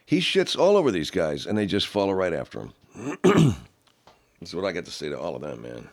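A middle-aged man hosting a talk show, ranting with heavy profanity in a gravelly manner. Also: wildly swooping pitch, brisk, background noise. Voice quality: very low, gravelly, growly rant. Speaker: radio host.

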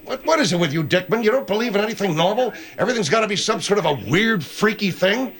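A man playing a hyped radio host, high lively voice, sing-song, jokey. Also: fast talker. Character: excitable middle-aged male radio host.

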